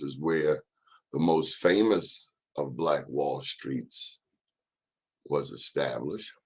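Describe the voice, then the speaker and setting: A man hosting a casual live-stream monologue, chatting and speaking straight to his viewers. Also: extremely low pitch. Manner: chatty, addresses viewers directly, drawn-out phrases. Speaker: host.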